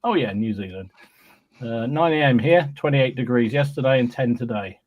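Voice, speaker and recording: A man's voice: medium pitch, moderate pace, narrow, tinny audio. A man hosting a podcast, cheerfully reading out live chat greetings with frequent ums and restarts. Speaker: podcast host.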